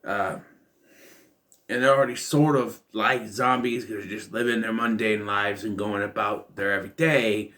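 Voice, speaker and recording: A man's voice: on the low side, fairly even intonation, normal speed, sharp tone. A man giving a casual, rambling film commentary, full of fillers and restarts. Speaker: film reviewer.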